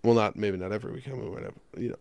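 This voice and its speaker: Rambling young man on radio, gravelly. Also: fairly low pitch, racing, darkish tone, no echo. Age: young adult. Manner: rambling, self-deprecating, joking. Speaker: co-host. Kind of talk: casual radio chat.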